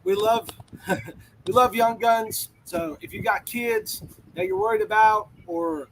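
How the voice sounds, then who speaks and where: A man's voice: sits high, expressive, takes it slowly, creaky, a little hiss or hum, poor audio. A man who leads a team, chatting in an upbeat, encouraging way. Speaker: team commander. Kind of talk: casual chat.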